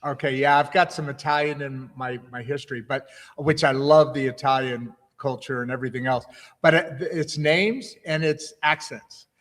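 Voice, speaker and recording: A man's voice: medium pitch, steady tone, normal speed, fairly bright tone, in a large hall. A man hosting a livestream interview, chatty and rambling, often restarting his sentences. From United States. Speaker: host.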